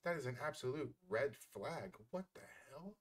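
A man's voice: medium pitch, animated, normal speed, a little hiss or hum. A man giving heated reaction commentary, blunt and scornful, swearing freely as he mocks the clip.

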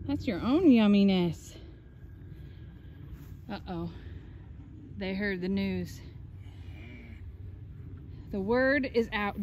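A woman's voice: fairly high pitch, a little mellow, a little hiss or hum. A woman with a Texan accent talking casually to the camera on her farm, teasing and chatting with her animals. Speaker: farm vlogger. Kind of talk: casual vlog talk to camera. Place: outdoors on a farm.

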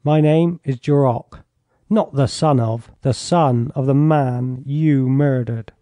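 A man's voice: medium pitch, takes it slowly, dark tone, dry recording, lightly acted. A man reading an audiobook, voicing a proud young officer who speaks coldly and in clipped phrases. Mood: stern. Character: stern young male officer, proud and vengeful.

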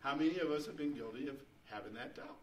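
A man's voice: medium pitch, quick pace, muffled recording, a little hiss or hum. A man preaching a sermon to his congregation, folksy and conversational, rising to fervent emphasis. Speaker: pastor. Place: church sanctuary. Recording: echoey church room, mic at a distance.

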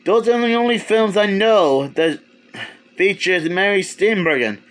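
High-voiced man rambling through a review. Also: fairly bright tone. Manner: rambling, halting, many restarts, chuckles. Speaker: movie reviewer. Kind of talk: casual video review.

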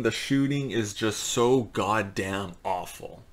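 A man hosting a gaming channel, talking casually and ranting in frustration, swearing often and filling pauses with "um" and "like.". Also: on the low side, fairly bright tone. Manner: frustrated, profane ranting with fillers. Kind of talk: casual commentary.

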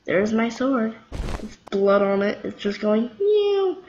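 A young woman giving casual, excitable gameplay commentary, giggling and squealing. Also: mid-range voice, a little slow, highs cut off, slight background noise. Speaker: gamer.

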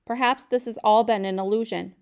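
Woman reading as a quiet young wife, soft and plain, smooth clear voice, storybook reading. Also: a little high, fairly even intonation, brisk. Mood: doubtful.

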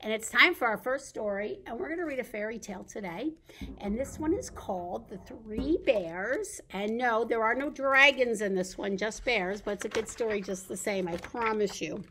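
A woman leading a recorded baby storytime at a library, talking in an animated sing-song way for babies and caregivers. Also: on the high side, normal speed. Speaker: children's librarian. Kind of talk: baby storytime with songs and reading.

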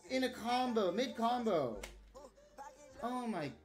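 Woman, streamer, live gameplay commentary, profane, frustrated rant, lively pitch, slow talk. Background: game music.

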